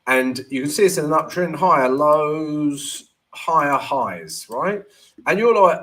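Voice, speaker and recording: A man's voice: on the high side, measured pace. Man hosting a casual live trading Q&A. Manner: energetic, casual, ends phrases with "right?". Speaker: trading stream host.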